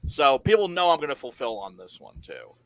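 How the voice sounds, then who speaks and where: Bright, emphatic man on a talk stream. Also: mid-range voice, brisk, gravelly, no room sound. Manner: animated, emphatic storytelling. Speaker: comic creator guest. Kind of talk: casual podcast chat.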